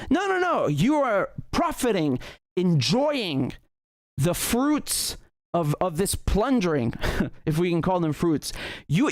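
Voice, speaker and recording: A man's voice: high-pitched, darkish tone, no room sound, studio quality. A man hosting a livestream political commentary show, ranting heatedly with profanity and frequent restarts. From Britain.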